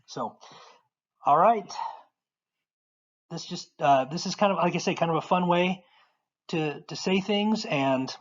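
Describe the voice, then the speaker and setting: Patient language teacher, dull lo-fi audio. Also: medium pitch. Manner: patient, repeats words slowly for learners. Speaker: Portuguese teacher. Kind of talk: casual recorded lesson.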